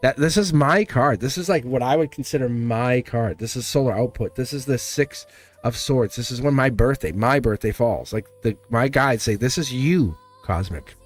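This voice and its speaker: A man at a mid-range pitch gives a live tarot reading over soft music. He talks earnestly and with emphasis, circling back on his phrases and tripping over words as he goes. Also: normal speed. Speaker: tarot reader.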